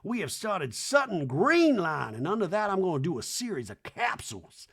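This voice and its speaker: Man doing a strained grown daughter, earnest, measured, high, lively. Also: creaky, slightly rough, heavily acted.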